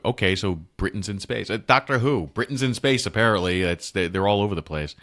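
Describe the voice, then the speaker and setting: Low-voiced man, laughing easily in chat. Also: brisk, a bit bright. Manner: laughs easily, repeats words as he starts. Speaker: podcast co-host. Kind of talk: casual chat.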